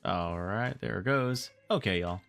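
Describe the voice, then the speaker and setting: A man reading a storybook aloud on a stream and chatting casually, animated and playful. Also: on the low side, unhurried, gravelly, clear, resonant tone, faint music behind. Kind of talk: read-aloud narration and casual stream chat.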